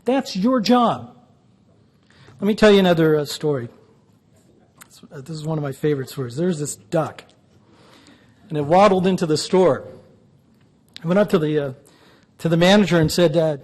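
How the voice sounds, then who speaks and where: A man's voice: high voice, a little fast, long pauses, a little mellow. A man giving a public lecture, telling jokes in a dry, punchy storytelling way. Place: lecture hall.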